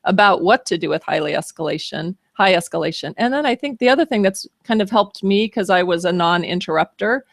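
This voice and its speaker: A woman's voice: fairly low pitch, expressive, fairly quick, gravelly, hardly any pauses, no room sound, clean studio sound. A woman host in casual interview chat, reflective and asking questions.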